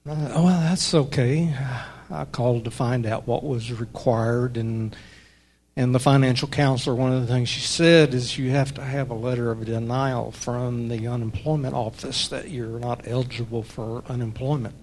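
An older man, a church member, giving a personal testimony in an earnest, halting way with many fillers. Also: mid-range voice, fairly even intonation, darkish tone. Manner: earnest, pauses often with fillers. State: emotional, voice breaking.

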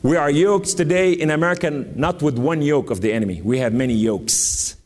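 A man with a southern Lebanese accent delivers a fervent sermon, swinging between ringing declarations and hushed, solemn stretches. His voice sits a little high for a man. The sound rings out with a long reverb, as in a large hall. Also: a little fast, slight background noise. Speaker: preacher.

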